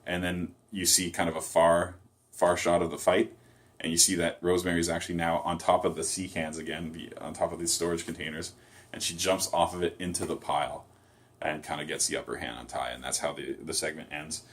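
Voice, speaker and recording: A man with a notably low, deep voice talks through a wrestling episode as a casual solo review. He rambles, stacks up fillers and corrects himself mid-sentence. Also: level tone, a little fast.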